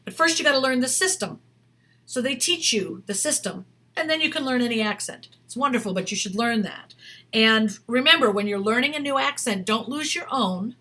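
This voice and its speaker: A woman acting coach talks straight to her viewers in a casual advice video. Her voice is bright and forceful and sits a little high. She is chatty and emphatic and keeps repeating her points. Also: animated, normal speed. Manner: chatty and emphatic, with many restarts and repetitions.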